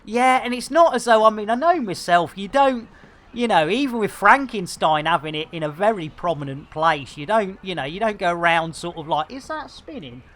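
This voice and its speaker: A man chatting while streaming a game, rambling and joking with slang, giving lively shout-outs to his viewers. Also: high voice, normal speed. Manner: chatty, jokey, rambling, full of British slang. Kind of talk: live-stream game commentary.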